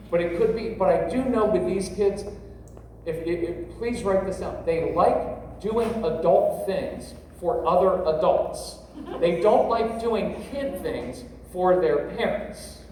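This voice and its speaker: Faint noise and hall echo accompany a distant recording of a middle-aged man whose darkish voice sits high. He gives a joking, wandering parenting workshop in a large convention hall, speaking straight to the crowd.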